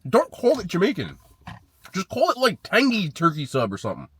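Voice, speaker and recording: A man's voice: high voice, huge pitch swings, fairly quick, fairly bright tone, slightly rough, no room sound. Blunt man reviewing food. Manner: blunt, swears casually, rates food out of ten. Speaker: food vlogger. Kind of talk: casual food review vlog.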